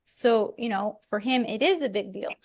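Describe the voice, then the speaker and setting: A woman's voice: fairly high pitch, moderate pace. A middle-aged woman hosting a podcast, talking candidly and reflectively in casual chat, with light laughs now and then. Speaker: podcast host.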